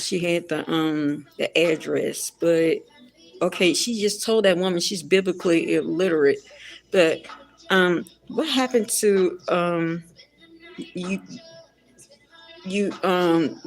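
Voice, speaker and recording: A woman giving ranting pop culture commentary in a blunt, repetitive and exasperated way. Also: fairly low pitch.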